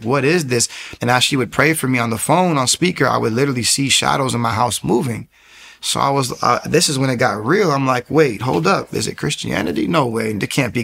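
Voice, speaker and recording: Gravelly man telling a lively testimony. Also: medium pitch. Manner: animated storyteller acting out quoted voices; repeats words and restarts often. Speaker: testimony speaker. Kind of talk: casual personal testimony.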